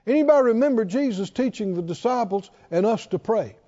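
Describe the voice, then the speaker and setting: A male pastor with a high, expressive voice preaches at a fairly quick clip, his tone warm as he calls for the congregation to answer him back in call-and-response style. He's in a church sanctuary, and the recording has an echoey, hall-like sound that comes across dull and lo-fi.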